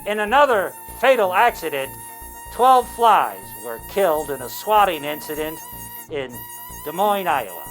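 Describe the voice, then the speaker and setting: A woman's voice: on the low side, very animated, measured pace, soft background music, rough recording. A woman voicing a fly news reporter in a comedy news parody, chirpy and mock-serious.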